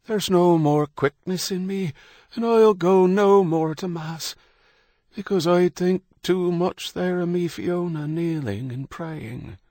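A reader putting on a toothless old geezer, cracked and high-pitched, bitter and worn out, dry close sound. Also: male voice, slow, mellow, no room sound. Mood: weary.

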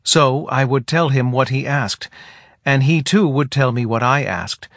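Man doing a soft, hesitant forest being. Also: mid-range voice, unhurried, dry recording, studio quality. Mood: quiet. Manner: quiet, hesitant, almost drowsy. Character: small forest being, soft-spoken male leader. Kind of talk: audiobook character voice.

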